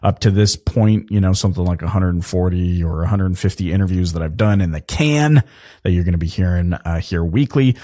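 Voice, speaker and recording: Chatty, energetic male podcast host. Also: low-pitched, a little fast. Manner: energetic, chatty, many fillers and restarts. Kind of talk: casual solo podcast talk.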